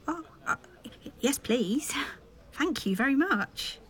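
An actor playing a timid young woman who speaks hesitantly, with a husky voice. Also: sits high, expressive, slow. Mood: shy. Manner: shy and hesitant. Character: shy young English woman, timid, eager.

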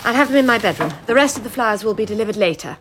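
An actress playing a middle-aged society hostess with a gracious, well-bred, genteel manner. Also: female voice, a little high, animated, racing, noisy background, natural voice. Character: Mrs Dalloway, refined society hostess.

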